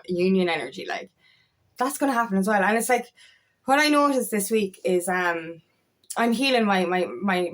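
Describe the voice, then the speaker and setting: A woman coach talking candidly to camera about spiritual healing, swearing freely and padding with "like" and "you know". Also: lowish voice. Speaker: empowerment coach. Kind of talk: casual spiritual talk to camera.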